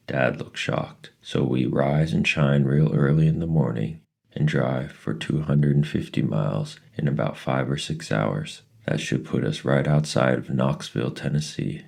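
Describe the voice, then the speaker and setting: A man reading a novel aloud in a steady, plain storytelling manner. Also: rumbling low, moderate pace, vocal fry, husky.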